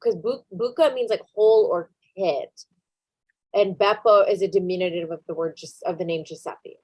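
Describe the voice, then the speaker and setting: A woman's voice: fairly low pitch, normal speed, darkish tone, husky, no echo. A woman hosting a podcast in casual chat, joking and asking playful questions. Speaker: podcast host.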